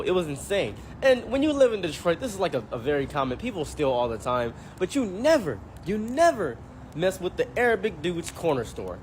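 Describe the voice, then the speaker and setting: A commentary YouTuber telling a comic story, animated and joking, acting out every character he mentions. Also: on the high side, a little fast, a little hiss or hum. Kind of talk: comedic storytelling.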